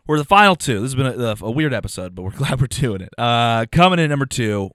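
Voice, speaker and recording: A man's voice: mid-range voice, big pitch swings, fast, a bit bright, clear, resonant tone, no room sound, clean studio sound. A man co-hosting a podcast in casual chat, jokey and laughing often. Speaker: podcast co-host.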